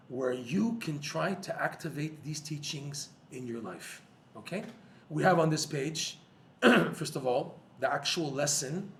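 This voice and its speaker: A man giving a lively Torah class to a live audience, joking and using Hebrew terms. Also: medium pitch, a little hiss or hum. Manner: animated, jokey, uses Hebrew terms. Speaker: Torah teacher.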